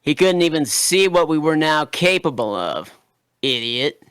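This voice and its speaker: A man voicing a smug, cold male vampire wolf villain in a live comedic fanfic reading, with gloating, drawn-out taunts. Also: on the high side, sing-song, a bit bright, smooth, no room sound.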